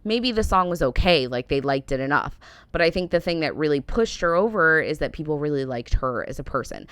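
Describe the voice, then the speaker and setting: A woman's voice: sits low, lively intonation, brisk, a bit bright, clear, resonant tone, no room sound. An American woman in her thirties rambling through a casual, opinionated reaction vlog, full of "like" and "um". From United States. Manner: rambling, heavy use of "like" and "um". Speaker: reaction vlogger.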